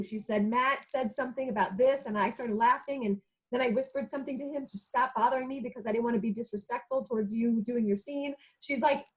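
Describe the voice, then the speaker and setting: Woman in her 30s chatting on a talk show, acts out quotes, pretty high voice. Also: fairly quick, rough recording. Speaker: co-host. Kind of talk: casual chat, personal story.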